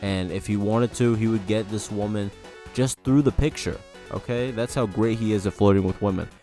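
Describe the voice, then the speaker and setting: Reacting to posts in a casual commentary video, a male host sounds wry and exasperated, tossing out mock warnings. He speaks at a moderate pace in a fairly low, mellow voice over faint background music.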